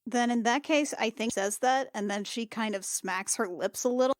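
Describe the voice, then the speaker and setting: A woman's voice: fairly high pitch, normal speed, no room sound, clean studio sound. A woman playing a tabletop game who talks hesitantly and laughs often. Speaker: player.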